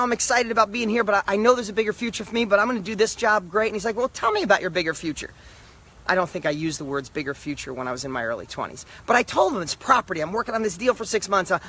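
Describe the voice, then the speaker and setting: A middle-aged man giving an emphatic, repetitive motivational talk, swinging between loud and soft. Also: high-pitched. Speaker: motivational speaker.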